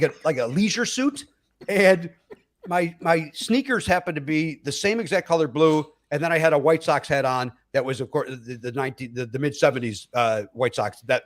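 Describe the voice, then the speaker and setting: Higher-pitched middle-aged man telling stories. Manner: animated storyteller who acts out quoted voices. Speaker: comedian guest. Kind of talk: casual podcast storytelling.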